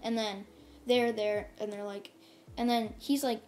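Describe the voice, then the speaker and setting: A woman's voice: a little high, flat delivery, measured pace, a little mellow. Rambling woman retelling a fan story. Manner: rambling, full of "like" and "and stuff". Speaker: channel host. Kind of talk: casual fan-story narration. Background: faint music.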